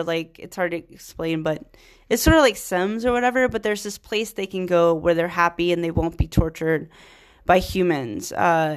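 A young woman, a writer, giving a casual spoken review of a TV series in a rambling, chatty way, full of "like" and "um" and quick laughs. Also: on the low side.

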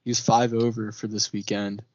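A man's voice: lowish voice, level tone, a little fast, darkish tone. A man co-hosting a sports podcast, talking in a laid-back, matter-of-fact way with many fillers. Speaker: podcast co-host. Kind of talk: casual sports chat. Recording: dull lo-fi sound.

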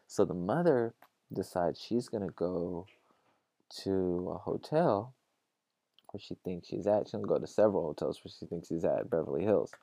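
A man's voice: low voice, no echo. A man casually retelling a story on a podcast, loose and profane, quoting the people in it. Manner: profane, animated retelling with quoted voices. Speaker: podcast host.

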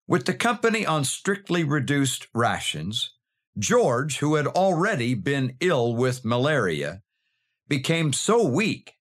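Slow, expressive male storyteller. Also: mid-range voice. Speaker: storyteller host. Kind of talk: scripted storytelling narration.

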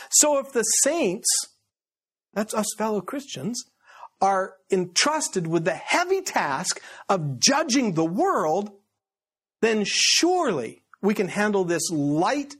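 Conversational male pastor teaching scripture. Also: on the high side. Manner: conversational, many fillers and restarts, emphatic on quotes. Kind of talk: sermon, verse-by-verse Bible teaching.

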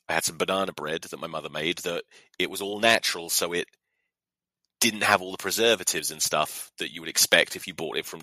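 A man's voice: sits low, sharp tone, dry recording, poor audio. A young man, a podcast host, telling a story in a sweary, mock-outraged monologue. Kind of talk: casual comedic monologue.

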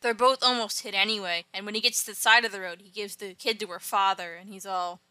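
Bright-voiced woman recapping a comic. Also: medium pitch, steady tone, fast talker, dry recording. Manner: wry, offhand asides. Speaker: comic book reviewer. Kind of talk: casual comic recap narration.

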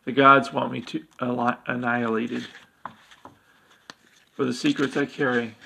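A grave female elf seer from a read-aloud fantasy tale, as a man voices her. The voice is gravelly and stays nearly flat in pitch. She speaks in a solemn, brooding way. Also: measured pace, background noise.

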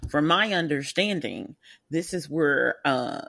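A woman with a notably low voice co-hosts a casual podcast. She jumps in eagerly with questions and asides, recorded in a dry, close room. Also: creaky, no room sound. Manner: animated, quick to jump in and question. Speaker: podcast co-host. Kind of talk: casual chat.

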